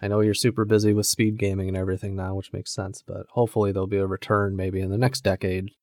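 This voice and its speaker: A man's voice: sits low, flat delivery, quick pace, darkish tone, no echo, studio quality. A man chatting as a podcast co-host, announcing award picks in short lines. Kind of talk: casual chat.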